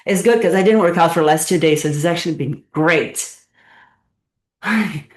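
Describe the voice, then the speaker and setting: A woman's voice: fairly low pitch, normal speed, recorded from a distance. A woman leading a live online workout class, playful and encouraging, cheering her students on and getting out of breath. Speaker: fitness instructor. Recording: echoey room, voice from afar.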